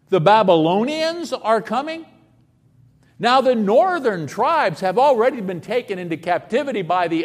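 Animated pastor in a reverberant hall. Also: male voice, sits high. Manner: conversational preaching with rhetorical questions. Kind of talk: sermon.

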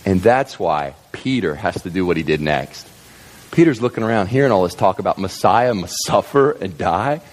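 A man preaching a sermon as a pastor, telling the story in an animated, jokey way. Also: sits low, moderate pace, in a large hall.

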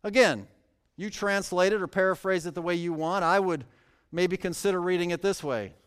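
A man preaching a sermon with a smooth, resonant voice set slightly high. He reads scripture in a formal cadence and then breaks off into wry, joking asides to his listeners. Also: moderate pace, a bit bright, in a large hall. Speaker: pastor.

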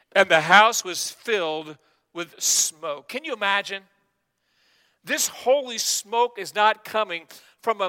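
A man's voice: high voice, pushed and bright, smooth, big-room sound. A man preaching a sermon as pastor, emphatic and calling out to his congregation for responses. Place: church sanctuary.

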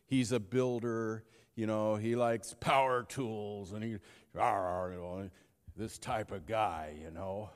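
A man preaching a sermon, telling a story with dramatic pauses and shifts between loud and hushed. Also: lowish voice, fairly even intonation, smooth, long reverb tail. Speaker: pastor.

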